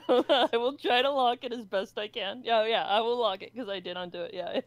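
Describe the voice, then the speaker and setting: Woman player at a tabletop game, highish voice, giggly and unsure. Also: a little fast, no echo. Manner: hesitant, giggly, stumbling over words.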